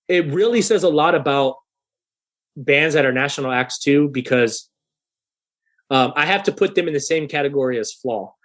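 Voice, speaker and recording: Animated swearing man in his thirties. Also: on the high side. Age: 30s. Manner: animated, swearing, acts out quoted voices loudly. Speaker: guest musician. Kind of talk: casual storytelling in a podcast interview.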